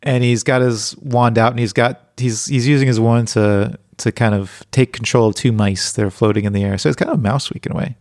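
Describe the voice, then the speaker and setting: A man's voice: medium pitch, fairly even intonation, brisk, few pauses, darkish tone, no room sound. A man co-hosting a casual comedy podcast, making short, dry, wry remarks. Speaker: podcast co-host.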